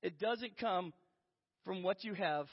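Male pastor in a church, high voice, joking storyteller, lo-fi recording. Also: takes it slowly, husky. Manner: storytelling, self-deprecating humor. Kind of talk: sermon. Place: church sanctuary. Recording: lo-fi with long hall reverb.

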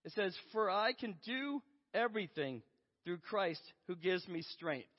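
Male pastor in a church, high voice, joking storyteller, lo-fi recording. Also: animated, a little slow. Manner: storytelling, self-deprecating humor. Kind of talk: sermon. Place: church sanctuary. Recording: lo-fi with long hall reverb.

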